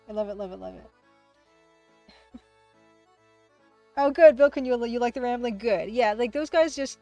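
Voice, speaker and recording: A woman hosting a casual livestream, who talks fast, rambles through chat replies, laughs often and pokes fun at herself. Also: medium pitch, a little mellow. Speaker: livestream host and game artist.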